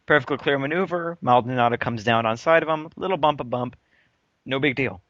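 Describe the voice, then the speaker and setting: A man from the United States co-hosting a casual motorsport podcast, talking in an animated, opinionated way with frequent restarts. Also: medium pitch, brisk, no room sound. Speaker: podcast co-host. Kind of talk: casual chat. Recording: muffled, dry lo-fi.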